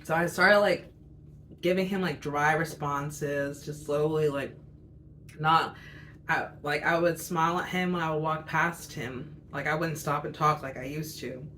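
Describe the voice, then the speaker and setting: A woman's voice: low voice, steady tone, unhurried, fairly bright tone, a little hiss or hum. A woman in her twenties telling a personal story as a casual storytime chat, rambling and candid with lots of fillers. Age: 20s.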